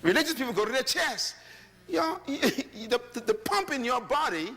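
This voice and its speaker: Brief: Bahamian man preaching, lively swooping delivery, bright voice, big echoing hall. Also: high-pitched, normal speed. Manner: animated storytelling, rising to shouts. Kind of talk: sermon. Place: large hall before a congregation.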